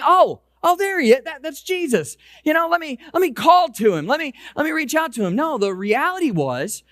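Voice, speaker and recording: A male pastor preaching a conversational sermon, slowing down and dropping his voice to stress key points. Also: dry recording, studio quality. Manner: slows and lowers voice for emphasis; conversational preaching with repeated restarts. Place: church sanctuary.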